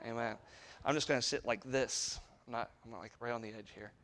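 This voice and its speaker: A man's voice: medium pitch, fairly even intonation, fairly quick. Impassioned male missionary preacher. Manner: storytelling, swings from hushed asides to loud exhortation; call-and-response with the congregation. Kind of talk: sermon. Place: church sanctuary.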